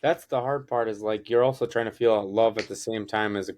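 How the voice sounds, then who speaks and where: A man's voice: lowish voice, steady tone, a little fast, a little mellow, a little hiss or hum. A young man co-hosting a casual sports podcast, thoughtful and questioning. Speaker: podcast co-host.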